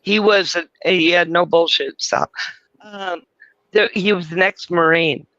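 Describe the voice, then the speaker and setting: A man's voice: sits high, unhurried, sharp tone, no room sound, muffled recording. A man from California hosting a casual live chat, telling rambling stories and swearing freely. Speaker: host.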